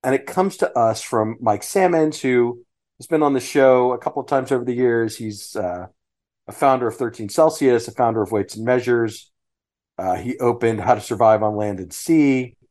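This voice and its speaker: A podcast host chats casually in a mid-range male voice at normal speed. He's relaxed, listing dishes and often restarting his phrases as he goes.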